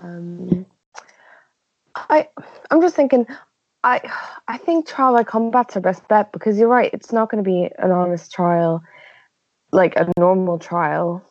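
Woman player, lowish voice, dull lo-fi sound, dry. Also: fairly even intonation, a little slow, no echo. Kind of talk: casual role-play chat.

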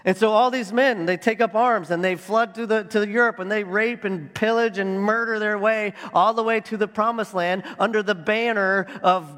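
A pastor gives his sermon in a loose, conversational way, thinking out loud and padding his points with fillers. His voice sits high for a man. The sound carries a long reverb, as if from a church hall. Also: fairly even intonation, normal speed, hardly any pauses.

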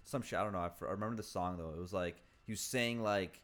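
A man's voice: low-pitched, quick pace, a bit bright. A young man co-hosting a casual podcast, rambling with fillers and swearing. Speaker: podcast co-host. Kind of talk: casual crude chat.

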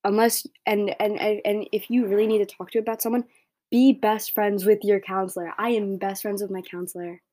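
A woman's voice: medium pitch, level tone, fairly quick, mellow. A teenage girl hosting her own podcast, talking in a casual, blunt monologue full of "like" and "right?". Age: teens. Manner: chatty, blunt, heavy use of "like" and "right?". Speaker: podcast host.

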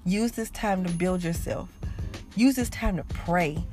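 A woman's voice: on the low side, measured pace, a little mellow, faint music behind. A woman hosting a podcast, giving an encouraging faith talk in a preachy, repetitive way that speaks straight to listeners. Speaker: podcast host.

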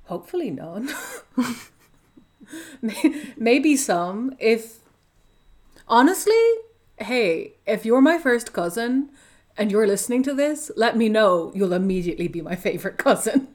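A woman's voice: fairly high pitch, animated, unhurried, pauses often, darkish tone. A woman co-hosting a podcast, reacting and joking in casual chat. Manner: responsive, joking, frequent laughs. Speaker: podcast co-host.

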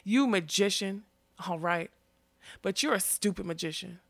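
A woman's voice: mid-range voice, measured pace, gravelly, no room sound. A woman voicing a fierce, scolding female companion in a storybook. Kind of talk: audiobook character reading.

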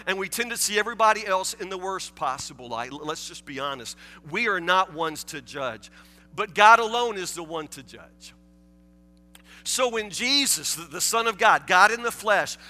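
Male pastor, high and very bright voice, conversational preaching with stammered restarts, reverberant hall. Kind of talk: sermon. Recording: reverberant hall with faint music.

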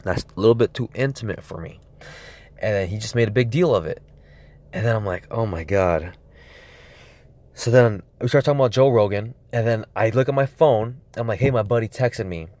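A young man casually retelling a wild night out, swearing a lot and rambling. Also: fairly quick. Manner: excited, voice climbing high as the story peaks. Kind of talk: casual storytelling to camera.

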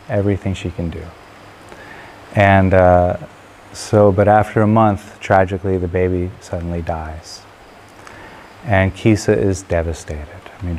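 A man tells a traditional parable in an unhurried, relaxed manner, pausing with fillers now and then. His voice is deep and low. A faint hum of noise sits behind him. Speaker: storyteller. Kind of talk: spoken parable storytelling.

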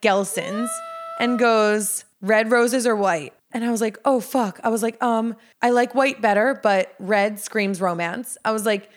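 A woman co-hosting a podcast, telling a story in casual chat, acting out quoted dialogue with big jumps in pitch, saying "like" a lot and swearing freely. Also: slight background noise. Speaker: podcast co-host.

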